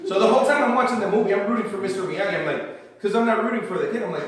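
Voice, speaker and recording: A man's voice: sits high, lively intonation, rapid-fire, recorded from a distance. A man doing a stand-up comedy set, chatty and self-deprecating, often laughing at his own jokes. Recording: very echoey room from afar, faint noise.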